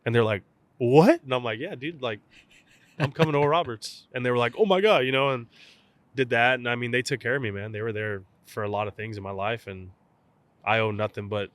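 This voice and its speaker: The guest, a young professional baseball catcher from South Texas, is a fast talker with a mid-range voice. In a casual interview he tells a story animatedly, acting out both sides of earlier phone calls, on a dry recording.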